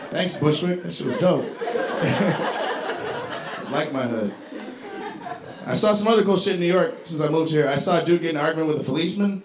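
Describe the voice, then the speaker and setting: A male stand-up comedian from Chicago with a laid-back, deadpan delivery, his voice a touch high. His set rings through an echoey club over steady audience noise, picked up on a handheld stage mic. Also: a little fast, pauses often.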